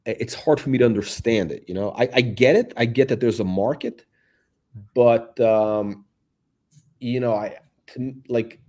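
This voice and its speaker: A man's voice: mid-range voice, warm tone. A male guest on a casual livestream, talking hesitantly with many restarts.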